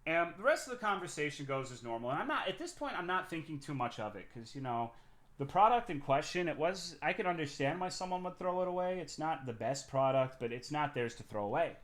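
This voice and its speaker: A man's voice: on the high side, expressive, a little fast, a bit bright. A man telling a long work story on his live stream in a casual, profane, rambling way, often restarting his sentences.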